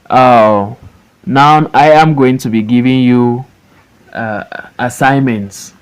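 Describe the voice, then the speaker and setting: Male teacher, middle pitch, unhurried; leads a phonics class with careful repeat-after-me drills. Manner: slow and deliberate, stretching words out syllable by syllable. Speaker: English teacher. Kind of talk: phonics lesson, reading words for students to repeat.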